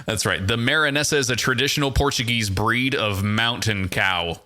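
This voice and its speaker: A man's voice: medium pitch, moderate pace, bright, forceful tone. A man hosting a casual podcast quiz, reading out facts in a dry, teasing way. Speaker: podcast host running a quiz. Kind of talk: casual chat.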